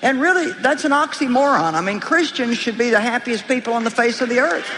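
A woman's voice: a little high, animated, brisk, background noise. A woman preacher delivering an emphatic, exhorting sermon, speaking straight to her congregation. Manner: emphatic, exhorting, direct address. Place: large hall with live congregation. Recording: live hall reverb with crowd.

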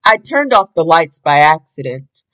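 A woman reading a storybook aloud, voicing a flustered, apologetic male security guard who explains himself sheepishly, lower than her narration. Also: sing-song, a little slow, a bit bright, full character voice, rough recording.

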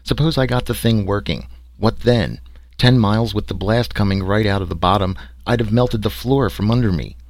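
A man's voice: on the low side, moderate pace, no room sound, close to an everyday voice. A man voicing a wry, sarcastic explorer recounting his trek. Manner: sarcastic, dry storytelling.

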